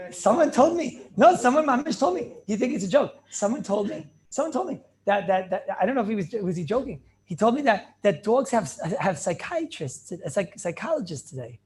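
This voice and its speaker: A man, a rabbi, giving a lively class, asking questions, laughing often and repeating words as he restarts. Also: high voice, a little slow. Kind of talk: lively Talmud class lecture.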